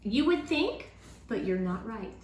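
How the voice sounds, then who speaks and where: A woman teaching a Sunday school lesson to children at home, in a lively, encouraging way. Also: a little high, a little slow, slight background noise. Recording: roomy room sound with faint ambience.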